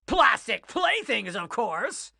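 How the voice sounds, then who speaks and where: A woman's voice: fairly high pitch, sing-song, slow pace, vocal fry, sharp tone, no room sound, studio quality, heavily acted. A woman voicing a boastful, plastic-obsessed male cartoon villain with theatrical gloating.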